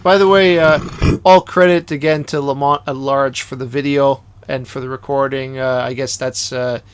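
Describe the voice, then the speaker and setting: A man's voice: medium pitch, fairly even intonation, normal speed, slight background noise. A man giving indignant opinion commentary over a video he is playing, emphatic and prone to repeating words. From Canada.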